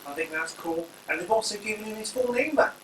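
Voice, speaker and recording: A fast-talking wrestling channel host with a high-pitched, fairly bright voice and lively intonation delivers a casual, meandering review sprinkled with jokes. The audio sounds echoey, with a distant mic and a faint hum.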